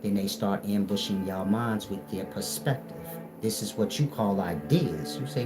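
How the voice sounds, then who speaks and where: A man's voice: lowish voice, moderate pace, low-quality recording. Confrontational man lecturing over music. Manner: confrontational, lecturing, repetitive rhetorical questions. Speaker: spiritual teacher. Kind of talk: preaching monologue. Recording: music playing behind the voice.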